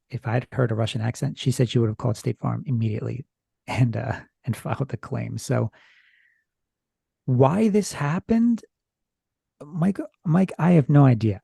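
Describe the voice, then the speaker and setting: Male podcast guest, dry close sound, mellow low timbre, hesitant storyteller. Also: vocal fry, breathy edge, no room sound. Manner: rambling, hesitant retelling from notes. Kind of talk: casual storytelling chat.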